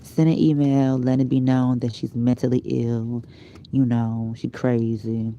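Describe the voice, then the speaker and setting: A woman's voice: a bass voice, measured pace, dark tone, a little hiss or hum. A tired woman vlogger chatting casually to her viewers, rambling and drifting into whispers. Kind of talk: rambling casual live chat.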